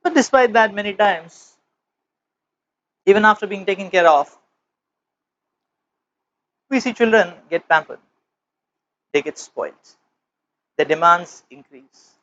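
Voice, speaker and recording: A man giving a spiritual lecture as teacher, telling a parable with slow, emphatic, measured phrasing, on a dull lo-fi recording. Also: high voice, fairly bright tone.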